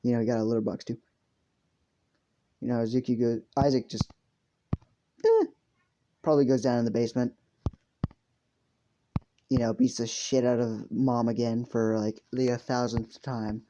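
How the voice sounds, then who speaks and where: A man's voice: mid-range voice, level tone, moderate pace, pauses often, dark tone. Rambling young man telling a crude story. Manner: rambling, crude, self-correcting, with frequent fillers. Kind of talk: casual improvised story narration. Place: home room with a pet cat. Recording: dull lo-fi home mic with faint hiss.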